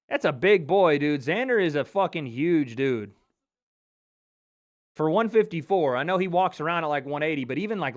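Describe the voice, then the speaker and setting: Chatty, joking male livestream host. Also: a little high. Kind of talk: casual live commentary. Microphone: dynamic mic.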